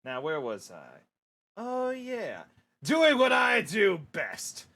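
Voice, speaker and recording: A man voicing a lazy, boastful villain king in a storybook reading, grumbling and sighing between bursts of shouting. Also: high voice, huge pitch swings, slow, full character voice. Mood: scheming.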